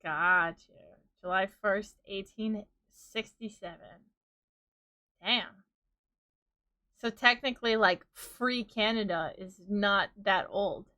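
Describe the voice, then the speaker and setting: A woman's voice: medium pitch, slow, pauses often, bright, forceful tone. A woman in her thirties with a New York accent, chatting casually with her live-stream viewers, rambling and laughing often as she riffs on tangents. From New York, USA.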